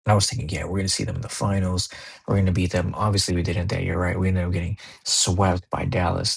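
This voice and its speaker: A young man hosting a casual podcast, telling sports stories in a loose, profane, animated way. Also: sits low, vocal fry, husky. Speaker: podcast host. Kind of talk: casual monologue.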